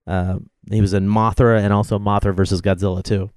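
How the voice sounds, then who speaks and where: A man's voice: fairly low pitch, flat delivery, brisk, a little mellow, clear, resonant tone, no echo, studio quality. A man co-hosting a film commentary, chatting wryly and packing in trivia. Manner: knowledgeable, wry, trivia-heavy. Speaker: podcast co-host.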